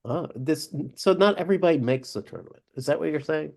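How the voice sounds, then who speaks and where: A man co-hosting a casual sports podcast, chatty and quick to laugh, often restarting his sentences. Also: on the high side, animated, gravelly, darkish tone. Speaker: podcast co-host.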